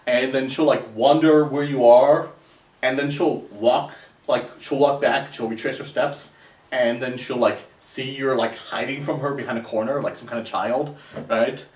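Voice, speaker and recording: A man's voice: mid-range voice, fairly even intonation, moderate pace. Sarcastic man in an echoey room. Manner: sarcastic, rambling with many fillers. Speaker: dating coach. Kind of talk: casual advice monologue. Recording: echoey room, voice a bit far from the mic.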